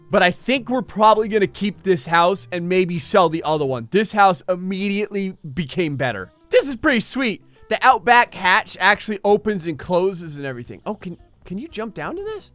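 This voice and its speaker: A man casually commentating a video game, excitable and chatty, often talking straight to his viewers. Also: sits high, normal speed, dry recording, faint music behind. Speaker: gameplay video host. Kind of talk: casual let's-play commentary.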